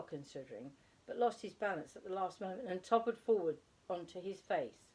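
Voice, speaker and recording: A woman reading a children's story aloud with expressive delivery, slowing for emphasis. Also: medium pitch, slightly rough.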